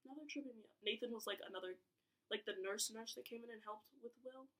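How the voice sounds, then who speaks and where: A woman's voice: on the high side, quick pace, a bit bright, low-quality recording. A young woman chatting casually on her vlog, thinking aloud and reacting dramatically. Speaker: booktuber.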